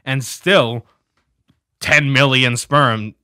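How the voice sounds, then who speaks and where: A young man co-hosting a casual podcast chat, animated and exasperated, who swears freely and stutters. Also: medium pitch, very slow, clear, resonant tone, no room sound, studio quality. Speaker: podcast co-host.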